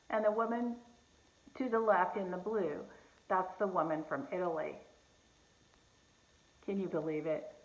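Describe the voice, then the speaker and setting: A woman casually telling a personal faith testimony, earnest and conversational, with fillers and restarts. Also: mid-range voice. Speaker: host sharing a personal testimony. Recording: echoey room, slightly dull sound.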